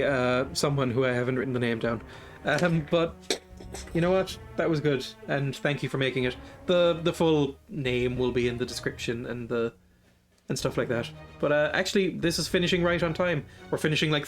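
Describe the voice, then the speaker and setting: A man streaming a strategy game, casually thinking aloud in a rambling way and chuckling often. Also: fairly high pitch. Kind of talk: casual gameplay commentary.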